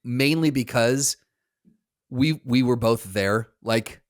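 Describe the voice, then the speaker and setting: A man's voice: medium pitch, slow. A man co-hosting a podcast, chatting casually and asking follow-up questions, often restarting his sentences. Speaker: podcast co-host. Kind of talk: casual chat.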